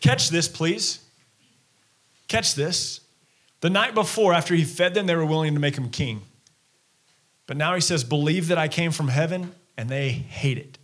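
A male pastor preaching a sermon in an animated way, acting out the people he quotes. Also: a little high, normal speed, pauses often.

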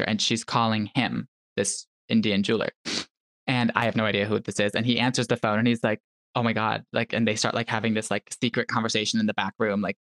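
Animated young man telling stories. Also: medium pitch, no room sound, clean studio sound. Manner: animated storyteller who acts out quotes. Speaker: podcast guest. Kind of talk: casual storytelling conversation.

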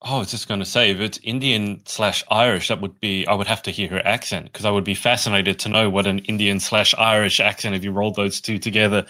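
Bright-voiced male podcast host. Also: lowish voice, steady tone. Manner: friendly, measured host asking questions. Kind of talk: interview hosting.

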